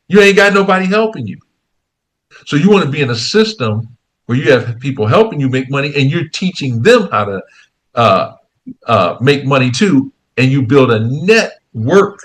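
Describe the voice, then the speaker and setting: A man being interviewed, telling a story in a casual, lively way and acting out the voices of the people in it. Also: medium pitch. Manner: animated storyteller, acts out quoted dialogue. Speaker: guest, investing program founder.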